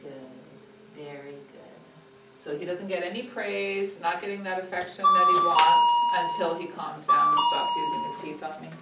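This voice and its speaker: A woman puppy trainer calmly explaining training exercises to owners. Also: lowish voice. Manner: calm, steady instructive tone. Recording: echoey room, distant mic, faint noise.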